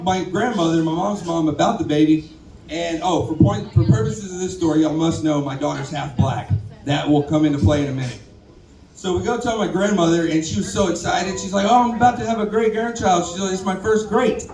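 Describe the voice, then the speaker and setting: A man's voice: high-pitched, a little mellow. A man, telling stand-up stories in a laid-back drawl on a saloon stage. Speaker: stand-up comic. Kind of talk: stand-up comedy set. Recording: roomy bar recording from far off with crowd.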